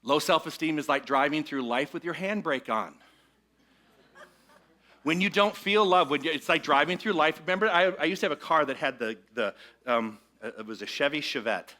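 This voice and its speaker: A man preaching a relaxed, conversational sermon to a live congregation. His voice is bright and forward, and he often pauses to invite the room to repeat a line with him. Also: fairly high pitch. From Michigan. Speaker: minister. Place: church sanctuary with congregation.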